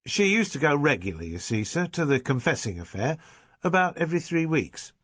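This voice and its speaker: A man's voice: fairly high pitch, very animated, a little fast, fairly bright tone, no room sound, voice pushed up. A man voicing a plain-spoken, deferential male chauffeur telling his story. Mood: chatty.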